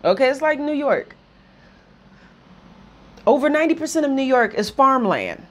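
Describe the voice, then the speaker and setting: A woman on a heated political rant, her voice sitting fairly high for a woman. She talks bluntly and with plenty of profanity, hammering on repeated slogans and now and then pushing up toward a shout. She is speaking straight to her viewers. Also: big pitch swings, moderate pace. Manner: profane and blunt, with nervous laughs between points. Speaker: video commentator. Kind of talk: impassioned political rant to camera.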